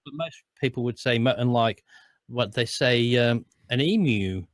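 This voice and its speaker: A man's voice: medium pitch, measured pace, dry recording. Australian man chatting on a dry mic. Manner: rambling, restarts often, chuckles while explaining. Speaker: co-host, voice-over artist. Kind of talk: casual chat.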